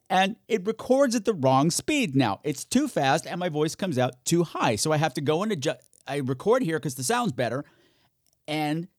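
A man hosting a solo podcast, chatting in an animated, campy way, swearing freely and talking to himself. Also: on the high side, dry recording, studio quality. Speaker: podcast host. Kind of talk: solo podcast chat, horror recommendations.

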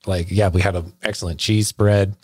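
A man with a lowish voice tells a rambling holiday story, laughing as he goes. The podcast mic is close and dry, with no room sound. His talk is loose and full of fillers. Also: steady tone, moderate pace, darkish tone, slightly rough, dry recording. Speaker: podcast co-host. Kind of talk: casual storytelling chat.

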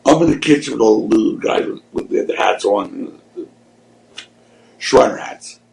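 Seorang pria, tamu podcast, bercerita dengan santai dan hidup, sering memakai kata kasar dan menirukan suara orang dalam ceritanya. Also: male voice, on the low side, normal speed, vocal fry, echoey room, low-quality recording. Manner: animated, profane, acts out voices in his stories. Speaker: podcast guest, former wrestling promoter. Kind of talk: casual storytelling.

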